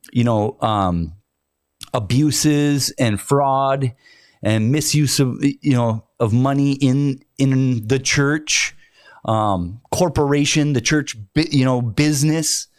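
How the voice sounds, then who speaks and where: A man hosting a reaction video, talking in a slow, hesitant way with many fillers and restarts. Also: mid-range voice, dry recording, studio quality. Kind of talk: casual commentary.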